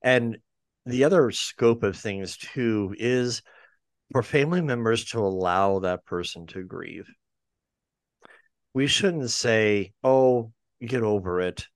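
A man co-hosting a conversation show, with a somewhat low voice. He speaks in a measured, reflective way and asks thoughtful questions. The recording is dry and close. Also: expressive, no echo. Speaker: podcast co-host. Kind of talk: casual conversation.

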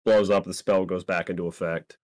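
A man's voice: sits low, level tone, brisk, darkish tone, no echo. A man in a casual chat, adding short remarks and agreeing with the host. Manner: brief agreeing interjections.

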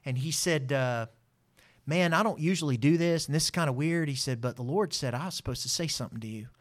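A man recounts a personal story as an interview guest. His voice sits somewhat high for a man. He acts out what each person said with lively energy. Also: fast talker. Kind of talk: storytelling testimony.

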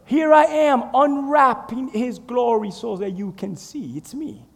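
A man's voice: extremely high pitch, a little slow, gravelly, big-room sound, heavily acted. A man voicing Jesus as an exasperated, patient teacher, incredulous and teasing. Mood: insistent.

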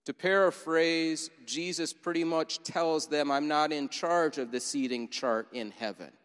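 A man's voice: on the high side, fairly even intonation, unhurried, fairly bright tone, clean tone, in a large hall. A man preaching as pastor, telling a scene vividly and asking listeners to imagine it. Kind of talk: sermon. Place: church sanctuary.

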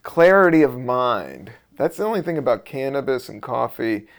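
A middle-aged man from the Virginia and D.C. area with a gravelly voice, hosting his own show. He rambles loosely from one thing to the next, swearing freely in a laid-back comic monologue. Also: mid-range voice, animated, moderate pace. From Virginia and Washington D.C. area, US. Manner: loose, profane, rambling, drifting between topics. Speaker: podcast host and stand-up comedian.

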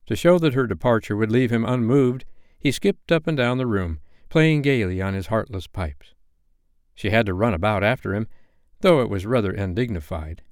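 Lively low-voiced male storyteller. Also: moderate pace, dry recording, clean studio sound. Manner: expressive, animated reading. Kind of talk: bedtime story reading.

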